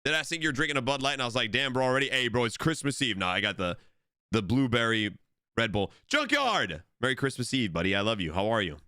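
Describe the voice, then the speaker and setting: Young man streamer, loose swearing chatter, bright forceful voice, dry close mic. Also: medium pitch, lively intonation, fast, clean tone, no room sound. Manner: rambling, swearing, shouts out to chat. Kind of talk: casual live-stream chat. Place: home streaming setup. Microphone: desk microphone.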